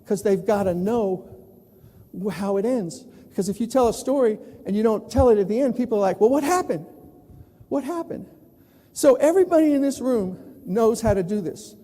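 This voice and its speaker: A man from New York tells stories on a conference stage and acts out the voices of the people he quotes. His voice sits high but sounds deep and mellow in tone. The sound has the long reverb of a large hall. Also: fairly quick. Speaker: plenary speaker. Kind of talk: conference keynote storytelling.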